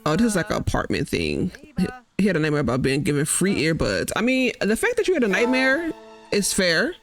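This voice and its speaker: A woman's voice: lowish voice, huge pitch swings, brisk, faint music behind. A woman hosting a casual let's-play, chatting and rambling in a slangy way as she plays. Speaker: gaming channel host.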